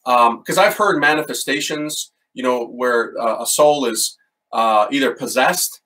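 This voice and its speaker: A middle-aged man, a priest, telling a story in an animated, excitable way, with casual slang. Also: mid-range voice, unhurried, recorded from a distance, rough recording. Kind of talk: storytelling talk.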